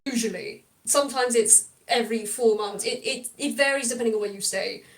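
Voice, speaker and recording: A woman's voice: on the high side, fairly quick, distant mic. A woman narrating a tabletop game as game master, chatty and rambling. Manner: chatty and rambling, with frequent fillers and laughter.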